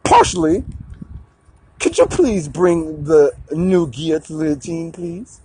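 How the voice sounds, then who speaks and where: A man's voice: on the high side, sing-song, takes it slowly, a little mellow, a little hiss or hum. A man putting on a crude pompous king. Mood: mock regal. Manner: mock-royal, bossy, profane. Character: crude pompous male king demanding obedience.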